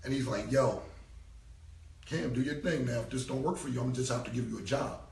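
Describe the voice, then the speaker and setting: Gravelly man telling stories, distant and roomy. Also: mid-range voice, fairly quick, a little mellow. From New York. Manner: loose, profane storytelling with quoted dialogue. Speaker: rapper telling stories on a livestream. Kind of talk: casual storytelling. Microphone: phone livestream. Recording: roomy, distant phone audio with faint noise.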